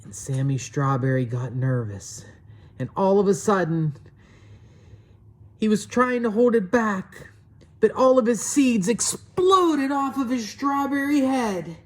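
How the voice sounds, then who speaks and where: A woman reads a children's story aloud, slow and expressive. Her voice sits at a comfortable middle pitch, and she takes her time over each line.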